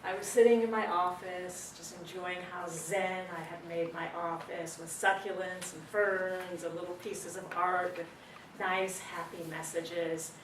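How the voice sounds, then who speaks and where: A woman giving an animated, dramatic storytelling speech at a speaking club, with pauses for effect. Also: on the low side, noisy background. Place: meeting room. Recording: roomy distant recording with faint ambience.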